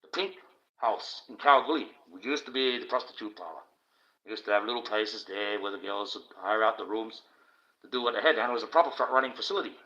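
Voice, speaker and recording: A man's voice: medium pitch, pushed and bright. An Australian man hosting a livestream, delivering a blunt, profane, indignant rant. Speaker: livestream host. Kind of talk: ranting livestream monologue. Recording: dull lo-fi stream audio.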